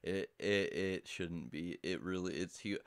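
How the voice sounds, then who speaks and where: Low-voiced laid-back podcast guy. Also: measured pace, smooth, dry recording. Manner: laid-back, swears, laughs easily. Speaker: podcast co-host. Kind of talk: casual podcast chat. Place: hot small room.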